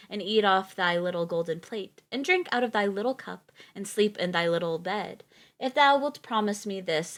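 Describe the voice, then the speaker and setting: A woman's voice: lowish voice, natural voice. Woman reading as a bargaining talking frog. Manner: archaic formal speech.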